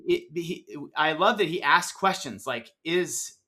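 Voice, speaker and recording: A man's voice: on the high side, lively intonation, measured pace, sharp tone. A man co-hosting a podcast in casual conversation, affirming his partner and thinking aloud as he goes. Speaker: podcast co-host.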